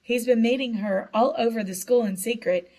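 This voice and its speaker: Shy giggly schoolgirl, woman reading her, a bit anxious, softish. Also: fairly high pitch, normal speed, close to an everyday voice.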